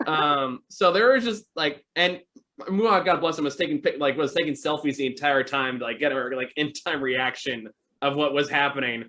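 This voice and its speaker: A man's voice: on the high side, moderate pace, bright, forceful tone. Male podcast host, casual rambling storyteller, filler-heavy. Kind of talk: casual chat.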